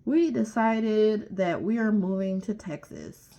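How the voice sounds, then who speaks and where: A woman's voice: mid-range voice, takes it slowly, dark tone, highs cut off, voice pushed up. Woman mimicking an airy, offhand woman friend. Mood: breezy. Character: breezy self-important woman friend.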